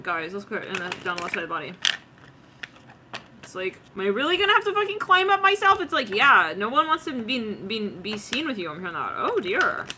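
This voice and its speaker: A woman's voice: mid-range voice, sharp tone, a little hiss or hum. A woman doing a tarot reading in a slangy, giggly way, acting out what she senses with lots of "it's like". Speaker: tarot reader.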